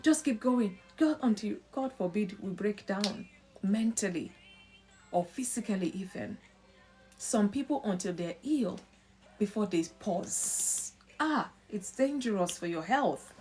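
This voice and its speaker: Animated woman host. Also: medium pitch, unhurried, soft background music. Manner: animated, acts out quoted family voices. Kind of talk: live-stream marriage talk.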